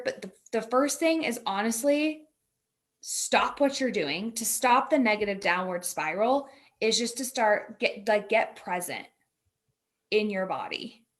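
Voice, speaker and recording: A woman co-hosting a talk, coaching a guest in a casual, chatty way, full of "like", acting out inner voices. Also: medium pitch.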